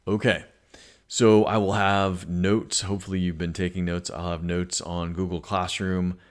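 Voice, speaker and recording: A man's voice: sits low, little pitch movement, normal speed. A male English teacher giving a recorded lesson, explaining patiently and reading poems aloud, with frequent fillers.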